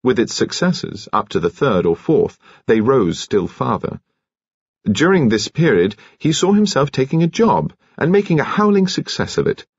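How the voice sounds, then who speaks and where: A man reading an audiobook in a measured, expressive storytelling style. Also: medium pitch, husky, no echo, highs cut off. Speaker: audiobook narrator. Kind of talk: scripted audiobook narration.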